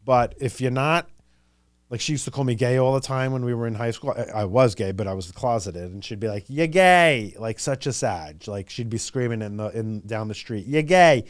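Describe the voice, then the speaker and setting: A man's voice: fairly low pitch, brisk, a little mellow, no echo, clean studio sound. A man in his thirties with a New York accent, hosting a casual solo podcast, gossipy and chatty, jumping between ideas and acting out quotes. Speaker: podcast host.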